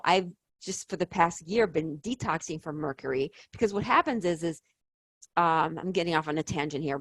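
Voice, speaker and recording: Casting: middle-aged woman, lowish voice, dry close sound, chatty host who digresses and leans on rhetorical questions. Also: no echo. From United States. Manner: rambling, digressive, emphatic. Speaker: health channel host. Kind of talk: casual health talk.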